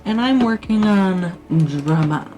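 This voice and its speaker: A woman doing writing sprints on a livestream mutters and muses aloud to her audience in casual conversation, faint music underneath. Her mid-range voice is dark in tone with lively intonation, her pace slow, and the recording rough.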